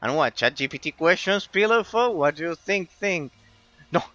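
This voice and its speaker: Guy streaming, bright forceful voice, keeps repeating himself and tripping over words. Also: fairly high pitch, animated, normal speed, dull audio. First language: Spanish. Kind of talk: casual stream chat with viewers.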